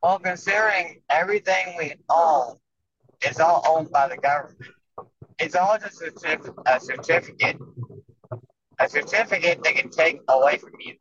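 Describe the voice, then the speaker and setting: A man guesting on a casual podcast, telling a story haltingly with fillers. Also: on the high side, a bit bright, slight background noise. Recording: dull lo-fi remote audio.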